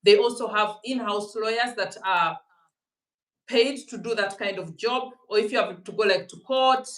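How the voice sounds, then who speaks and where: A woman's voice: mid-range voice, normal speed, a bit bright. Woman host chatting, explains stuff in detail, tosses in german words, sounds kinda far off in an echoey room. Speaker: podcast host. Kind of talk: conversational interview.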